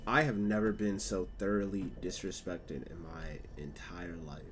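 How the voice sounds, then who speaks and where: A young man talking casually while livestreaming a game, loud and exaggerated, full of slang and mock complaints. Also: deep voice, fairly even intonation, moderate pace, slight background noise. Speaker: game streamer. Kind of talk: casual gameplay livestream talk.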